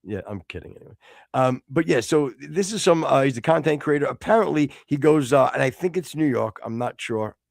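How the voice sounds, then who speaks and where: A man's voice: medium pitch, animated, fairly quick, gravelly, no echo, studio quality. A middle-aged American man hosting a casual live-stream talk show, rambling with stammered restarts and bursts of mock exasperation. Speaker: podcast host.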